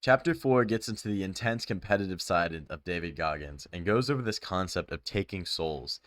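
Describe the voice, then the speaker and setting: A man's voice: deep voice, lively intonation, moderate pace, fairly bright tone, dry recording. A young man casually summarizing a self-help book, chatty and loose with lots of filler words. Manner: loose and chatty, full of "like" and "bro".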